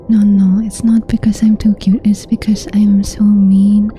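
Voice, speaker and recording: A woman's voice: mid-range voice, little pitch movement, moderate pace, few pauses, mellow, a little hiss or hum. A woman streamer talking with her chat in a whispered ASMR style, playful and teasing, often giggling.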